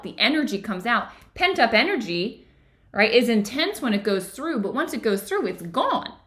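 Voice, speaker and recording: A woman's voice: a little high, a bit bright. A woman hosting a book club and teaching yoga therapy, talking casually and earnestly, asking her listeners questions as she explains the book. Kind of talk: casual book discussion with read-aloud passages.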